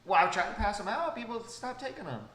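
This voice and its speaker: A man's voice: sits high, animated, fast talker, crowd noise. Profane joking man in an echoey room. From Washington state. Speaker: podcast host. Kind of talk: casual chat. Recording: echoey room with faint noise.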